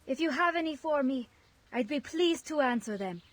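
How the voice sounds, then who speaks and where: A woman voicing a grieving refugee mother in a fantasy game, speaking formally and gently. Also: high voice, expressive, normal speed. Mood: sorrowful. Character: grieving mother, refugee mage from a desert land. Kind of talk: game voice acting.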